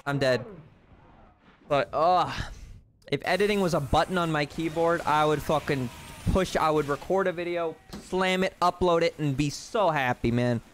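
A young man's voice, on the high side and at normal speed, has a little hiss or hum. A gaming vlogger, he rambles through a self-deprecating confessional vlog while playing a game at his desk, swearing often.

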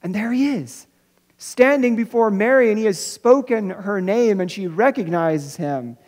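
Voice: medium pitch, darkish tone. Searching preacher in an echoing church. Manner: searching, repeats words and restarts, slows for emphasis. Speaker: pastor. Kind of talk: Easter sermon. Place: church sanctuary. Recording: long reverb of a church hall.

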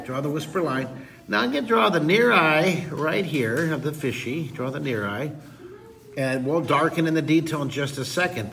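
A man's voice: medium pitch, creaky, fairly bright tone, recorded from a distance. A middle-aged man teaching a drawing lesson in a playful, goofy way, full of teasing jokes, with an audience of kids behind him. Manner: goofy, teasing, jokey asides.

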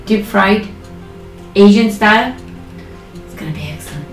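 A woman's voice: mid-range voice, normal speed, roomy sound, recorded from a distance, faint music behind, poor audio. A woman hosting a home cooking channel, walking through a recipe step by step and then chatting through a meal with her partner. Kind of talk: cooking narration and mukbang chat.

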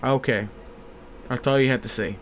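A man's voice: mid-range voice, moderate pace, a little hiss or hum. A man in his twenties doing goofy, profane gameplay commentary and laughing a lot. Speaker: let's play gamer. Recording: game audio over game music. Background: game music.

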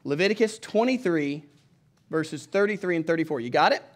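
A middle-aged pastor with a Southern country accent, preaching a folksy sermon and calling on the congregation to read along with him. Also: male voice, fairly high pitch, animated, brisk.

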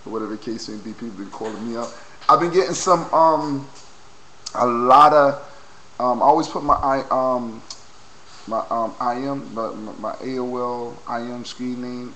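A young man vlogging into a low-quality webcam, excitedly reacting and repeating exclamations. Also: a little hiss or hum. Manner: hyped, repetitive exclamations. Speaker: video blogger.

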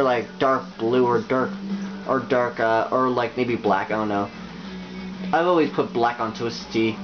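A young man talks through a video game tutorial in a rambling, halting way, full of fillers and restarts. His voice sits at a middling pitch, and the audio is dull and lo-fi with music playing clearly underneath. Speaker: YouTuber.

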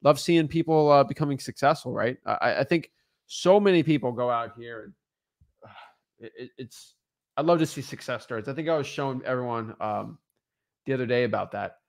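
A man co-hosting a casual livestream, upbeat and chatty, giving viewers shout-outs with plenty of fillers. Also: mid-range voice, fairly quick, gravelly. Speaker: co-host of a wholesaling livestream.

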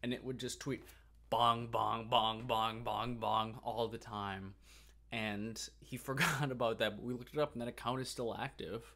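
A man's voice: medium pitch, normal speed, a bit bright. A man co-hosting a podcast in casual chat, talkative, swearing freely and slipping into silly voices. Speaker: podcast co-host.

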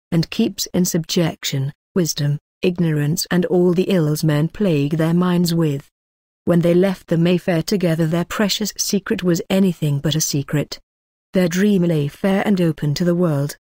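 A woman narrating an audiobook in a measured, lyrical reading. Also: lowish voice, dark tone, no echo, studio quality.

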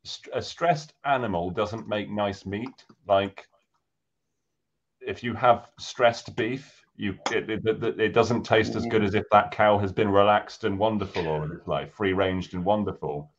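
A man's voice: on the low side, steady tone, unhurried, dull audio, slight background noise. An English man co-hosting a talk show, telling rambling jokes in a casual way. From England. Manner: joking, rambling storyteller. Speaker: co-host. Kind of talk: casual joking chat.

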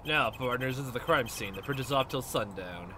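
A man's voice: animated, brisk, noisy background, natural voice. A man putting on a drawling Texan cowboy detective. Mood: swaggering. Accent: put-on Texan. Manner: drawling, folksy, booming. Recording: game music playing behind.

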